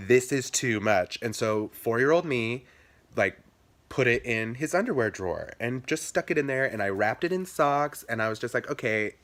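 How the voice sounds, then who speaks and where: A young man vlogging a childhood story in casual chat, animated, jumping into squeaky high voices for quotes and dropping low for asides.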